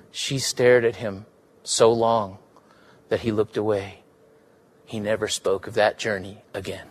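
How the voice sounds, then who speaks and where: A man giving a live reading of literary fiction, measured and unhurried in his storytelling. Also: on the low side, level tone. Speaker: reader.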